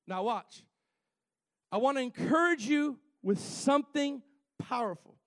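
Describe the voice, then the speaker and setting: A man's voice: very high-pitched, animated, measured pace, a bit bright, no echo. A male preacher delivering a fervent sermon to his church, repeating phrases and calling for amens.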